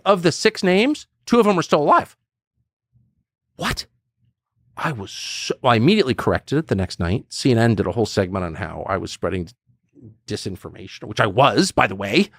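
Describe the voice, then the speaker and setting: A middle-aged man talking as a podcast guest, blunt and animated, acting out quotes with sudden high bursts. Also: no echo, studio quality. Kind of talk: casual conversation.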